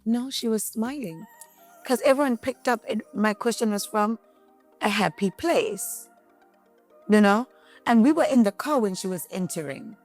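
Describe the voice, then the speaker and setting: Animated South African woman. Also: medium pitch, unhurried, faint music behind. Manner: animated retelling, acts out quotes. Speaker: guest. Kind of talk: candid interview, mixing English and Zulu.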